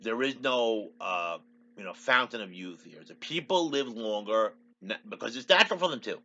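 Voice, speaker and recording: A man's voice: fairly low pitch, animated, moderate pace, pushed and bright, lo-fi sound. A man hosting his own show, retelling a TV episode in a rambling casual way and repeating "he goes" a lot. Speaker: show host.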